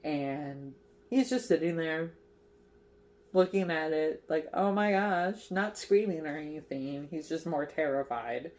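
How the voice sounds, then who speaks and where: Woman, low pitch, mellow tone, chatty, giggly, crochet vlog recap. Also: unhurried. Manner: chatty, giggly, lots of fillers. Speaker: crochet vlogger. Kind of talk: casual movie recap while crocheting.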